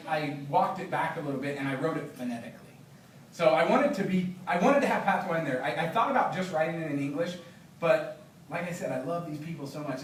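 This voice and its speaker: Male author, lively storyteller, fairly high voice, echoey library room. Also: slight background noise. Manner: animated, laughing storyteller. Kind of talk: book talk and reading to a discussion group. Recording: roomy, distant, faint background.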